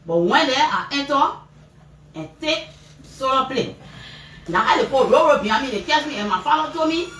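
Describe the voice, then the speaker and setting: A Liberian woman recounts events to reporters in an animated way, her fairly high voice leaping as she acts out what others said. She sits back from the microphone in a roomy, echoing space with faint noise behind. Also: normal speed, long pauses. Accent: Liberian English. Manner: animated storytelling, acting out shouted quotes, pitch leaping up and down. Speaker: mother giving a press interview. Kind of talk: emotional personal account to reporters. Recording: roomy, distant mic with faint background noise.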